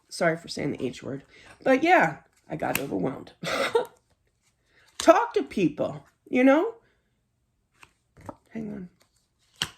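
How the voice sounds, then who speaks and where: A middle-aged woman giving a casual tarot reading in a chatty, earnest way, laughing easily and often saying "you know.". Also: high-pitched. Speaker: tarot card reader.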